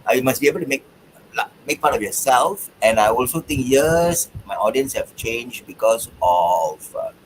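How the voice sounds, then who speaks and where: A man who is a stand-up comedian, answering interview questions in an animated, joking way. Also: mid-range voice, normal speed, slight background noise, rough recording. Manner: animated, joking, excitable bursts. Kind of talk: interview conversation.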